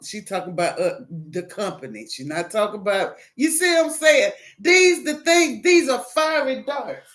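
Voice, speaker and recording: A woman with a Southern US accent giving a casual devotional talk, animated and preachy, acting out phone calls as she goes. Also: on the high side. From American South. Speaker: Christian single encouraging viewers.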